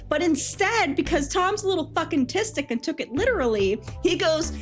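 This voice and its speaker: Young woman, high bright voice, very lively swings, profane, laughing storyteller, music behind. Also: normal speed, hardly any pauses. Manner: animated, profane, laughs often while telling. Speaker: streamer telling a story. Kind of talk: casual storytelling chat.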